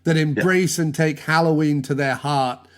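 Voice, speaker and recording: A man hosts a podcast in a casual, playful chat, joking and rambling from one tangent to another into his mic. His voice is a little high, steady in tone, and moves at a normal speed.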